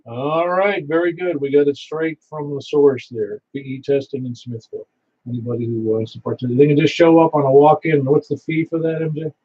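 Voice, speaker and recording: Serving as net control on an amateur radio net, this man rambles folksily through announcements and repeats details for confirmation. His voice sits on the high side, steady and dark, and he speaks a little quickly. Faint hiss and a slightly dull quality color the audio.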